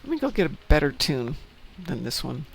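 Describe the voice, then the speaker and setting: A man's voice: a little high, sing-song, brisk, creaky, husky. A man from Chicago hosting a game stream, chatting casually and joking as he goes. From Chicago, United States. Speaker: stream host. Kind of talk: casual chat while gaming.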